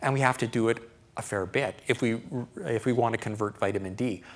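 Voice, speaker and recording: A middle-aged man, a doctor, giving a live health lecture to an audience in a chatty, animated way, often checking in with "right?". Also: mid-range voice, a little fast. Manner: animated, conversational, keeps asking "right?", acts out his own thoughts.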